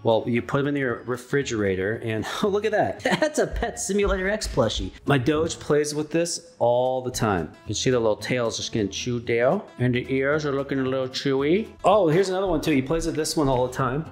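Rambling home vlogger filmed on a handheld camera, lively and singsong, dropping into coos for the dog. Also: mid-range voice, brisk, few pauses, faint music behind. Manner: chatty, rambling, coos in baby talk to a pet dog. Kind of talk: casual cooking vlog. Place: house, indoors.

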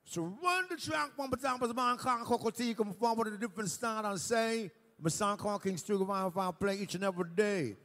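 A man giving respect and shout-outs from a live stage as a sound system selector. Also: high voice, a little fast, few pauses. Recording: echoey live hall.

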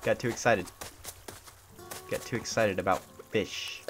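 A man's voice: lowish voice, fairly even intonation, measured pace, music in the background. A tired young man streaming a game, grumbling in sarcastic mock indifference. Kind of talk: casual live-stream gameplay commentary. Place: hot room at home. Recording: noisy home stream recording.

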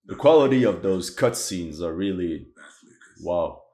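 Animated man reacting to a war game. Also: low-pitched, measured pace. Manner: animated, exclaiming and laughing, often incredulous. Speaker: amateur historian reacting to a video game. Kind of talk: reaction commentary.

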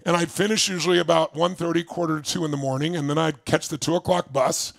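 A gravelly older man tells his story to a crowd with the force of a motivational speaker, his voice sitting a little high for a man. He swings between loud, driving bursts and quiet, close asides, and the sound is dry and close to the mic. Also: steady tone, fast talker, dry recording. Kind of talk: motivational stage talk.

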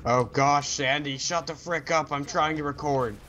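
A man giving casual co-op gameplay commentary, chatty and jokey, with quick exclamations as the action unfolds. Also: fairly high pitch, steady tone, a bit bright, slight background noise, rough recording. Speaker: gamer.

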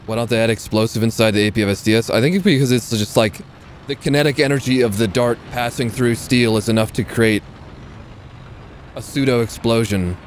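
A man's voice: mid-range voice, a little fast, slight background noise. A man with a Californian accent giving casual, joking commentary on a live game stream, laughing often.

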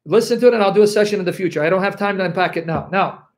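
A man with a high voice preaches with fervent energy, his delivery swinging between loud bursts and hushed moments. He teaches Scripture straight to his viewers and keeps checking in with them as he goes. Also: racing. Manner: talks straight to viewers with frequent check-ins. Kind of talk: impassioned Bible teaching to a live audience.

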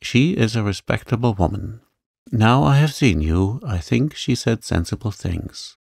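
Tired, distracted storybook gentleman, muttering and slow, as a calm male narrator puts him on. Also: on the low side, gravelly, no room sound, studio quality, full character voice. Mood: weary. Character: weary, fretful grieving gentleman guardian.

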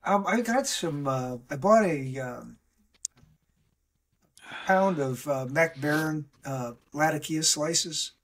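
A man co-hosting a casual podcast, talking in a halting way with many ums and restarts. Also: on the high side. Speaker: podcast co-host. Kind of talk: casual chat.

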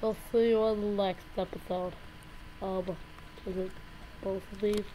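A woman casually rambling through gameplay commentary, yelping and shouting whenever she loses. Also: mid-range voice, flat delivery, measured pace, poor audio. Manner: rambling, yelps and shouts at game deaths. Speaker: gameplay video host. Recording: loud background noise.

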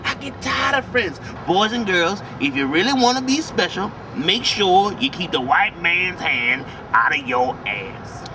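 A woman's voice: lowish voice, very animated, measured pace, few pauses, distant mic, noisy background, pitched below the performer's own voice. A woman voicing a brash, foul-mouthed male puppet who insults and mocks in a crude, cackling way. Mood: defiant.

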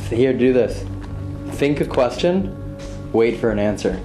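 An excitable man talks his way through a ghost hunt in an old hospital at night, his voice sitting at a middle pitch. He reacts fast, curses casually and cuts across his partner. Music plays under his voice. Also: low-quality recording. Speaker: paranormal investigator. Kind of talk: casual ghost-hunting vlog.

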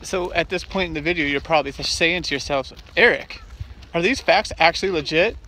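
With a fairly high pitch and a sharp tone, the middle-aged man talks fairly quickly as he vlogs his hike outdoors at a state park. The casual chat is joking and self-teasing in a playful way, and a little hiss or hum is audible.

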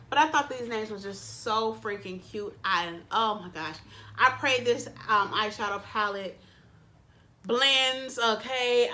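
Bright-voiced gushing woman vlogger. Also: on the high side. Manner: gushing, excitable, addresses viewers as y'all. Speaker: beauty vlogger. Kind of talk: casual unboxing chat. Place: her bedroom.

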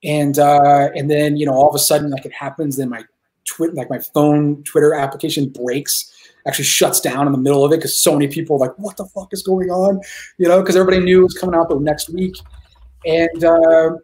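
Guy with a slightly high voice, rambly and hyped, cussing casually, interview guest. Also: brisk. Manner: excited, rambling, swears freely. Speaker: filmmaker guest.

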